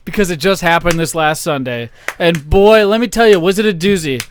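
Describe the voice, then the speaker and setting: High-voiced man hosting a jokey podcast. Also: slight background noise. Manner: jokey, rapid recap of match results. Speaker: podcast host. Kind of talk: casual podcast chat with wrestling recap.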